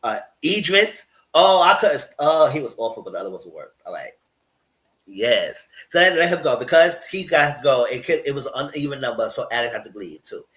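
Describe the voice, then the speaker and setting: A man giving casual, gossipy reality TV commentary, animated and freely profane. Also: mid-range voice, fairly quick.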